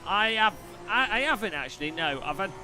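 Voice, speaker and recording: A man hosting a live stream. His voice sits high and swings up and down a lot as he rambles and jokes between bits of race commentary. Faint music runs underneath. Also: very animated. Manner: chatty, jokey, quick asides and laughs. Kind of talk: casual live-stream chat and racing commentary.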